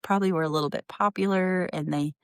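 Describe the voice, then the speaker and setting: A woman's voice: on the low side, steady tone, quick pace, clear, resonant tone, no echo, clean studio sound. A woman, recapping a reality show on her podcast in a blunt, indignant way. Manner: blunt and indignant, openly judging. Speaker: podcast host. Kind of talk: casual reality-TV recap commentary.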